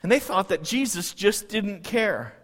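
Guy preaching a sermon, fairly high voice, chatty, keeps asking the crowd questions, long hall echo. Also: expressive, unhurried, fairly bright tone. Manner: conversational, asks the congregation questions, many restarts. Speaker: pastor. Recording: long reverb of a large hall.

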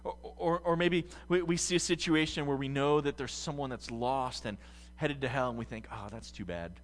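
A man from the United States preaching a sermon as pastor, swinging from quiet musing to loud, fervent passages. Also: on the high side, fairly even intonation, moderate pace, big-room sound.

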